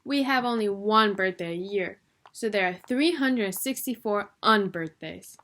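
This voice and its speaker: A woman's voice: medium pitch, measured pace, fairly bright tone. A woman voicing a playful, silly male hatter in a storybook reading. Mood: cheerful.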